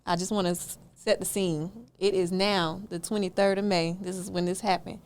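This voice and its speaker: A woman, a podcast guest telling a story in a punchy, slangy, animated way. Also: on the low side, normal speed, clear, resonant tone. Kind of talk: casual storytelling.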